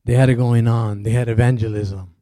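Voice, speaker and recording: Mellow-voiced pastor preaching casually. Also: male voice, mid-range voice, fairly even intonation, fairly quick, dry recording. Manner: casual, rambling asides with fillers. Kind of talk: conversational sermon.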